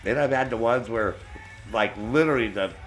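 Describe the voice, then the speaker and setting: A man telling a profane, animated story while streaming a game. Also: medium pitch, moderate pace, faint music behind, poor audio. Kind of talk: casual storytelling while gaming.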